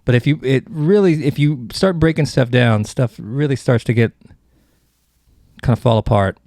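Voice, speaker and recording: A man's voice: medium pitch, normal speed, a little mellow, dry recording, studio quality. A man hosting a comedy podcast, rambling through jokes and cutting himself off mid-sentence. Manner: rambling, self-interrupting, joking. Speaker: podcast host.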